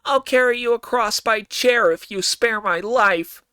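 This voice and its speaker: A nasal, pleading elephant demon, put on by a male storyteller. The voice is high and loud, pinched as if he has a heavy cold, in a dry storybook reading. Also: measured pace, smooth, no room sound, exaggerated voice.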